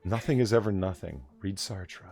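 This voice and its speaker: Low-voiced and a bit dark in tone, this man talks at a moderate pace while hosting a late-night bar-hangout livestream. The chat is casual, and he rambles, curses, and laughs a lot.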